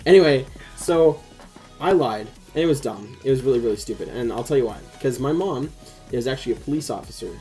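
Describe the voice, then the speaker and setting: Young man, host, casual rambling storytelling, swears a lot, mellow warm voice, faint music behind. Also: medium pitch, expressive, a little fast, low-quality recording.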